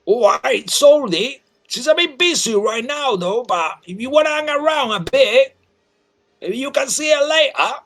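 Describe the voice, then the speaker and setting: A man voicing a huge, loud male half-giant who works as a carnival barker, brash and calling everyone mate. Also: very high-pitched, lively intonation, normal speed, voice pushed up, full character voice.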